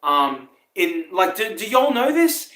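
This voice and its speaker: A New Zealand man hosts a podcast in a loose, rambling monologue, swearing freely and trailing off into fillers and chuckles. His voice sits somewhat high for a man. The recording has a noticeably roomy, echoey sound. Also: big pitch swings, slow, a bit bright. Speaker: podcast host. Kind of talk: casual monologue.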